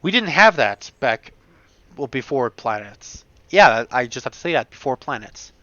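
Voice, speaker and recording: Rambling, bright-voiced young man gaming. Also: mid-range voice, big pitch swings, no echo. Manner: rambling, many restarts, fast bursts. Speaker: gamer. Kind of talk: casual gameplay commentary. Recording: dull home mic recording.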